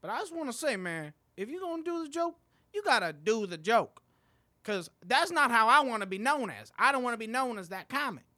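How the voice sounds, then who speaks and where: Man doing a high insistent fellow comic. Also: very animated, a little fast, sharp tone, exaggerated voice. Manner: high pushy put-on voice, repeats himself. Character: fellow male open-mic comic, earnest, insistent.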